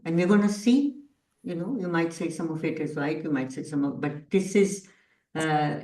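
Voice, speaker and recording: A woman's voice: low voice, darkish tone. A woman leading a parenting workshop, talking reflectively and asking herself rhetorical questions. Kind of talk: online workshop talk. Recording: roomy echo, distant from the mic.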